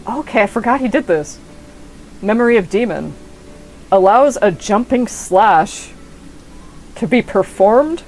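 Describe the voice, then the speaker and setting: A woman's voice: mid-range voice, a little mellow, low-quality recording. A young woman streaming a game, rambling and swearing as she cuts herself off mid-sentence. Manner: rambling, profane, self-interrupting. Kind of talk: casual gameplay commentary. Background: faint game music.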